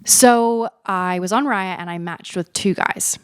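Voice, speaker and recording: A woman's voice: mid-range voice, measured pace, clean tone, no room sound, studio quality. A woman in her thirties hosting a podcast, telling a personal story in a frank, chatty, self-mocking way and swearing freely. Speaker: podcast host.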